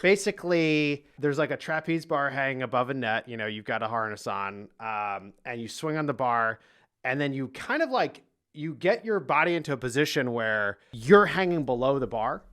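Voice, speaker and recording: Male podcast host, bright and forward voice, chatty and playful, laughs between lines. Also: medium pitch, normal speed. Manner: playful storyteller, animated, laughs often. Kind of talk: casual chat.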